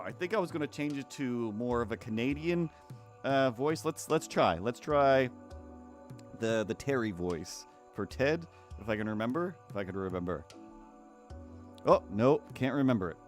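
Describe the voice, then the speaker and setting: A cartoonist chats away on a live stream in a loose, self-deprecating ramble, tripping over restarts and fillers. He sounds like an ordinary man at a middle pitch, with faint music playing behind him. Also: animated, normal speed. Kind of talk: casual rambling chat while drawing.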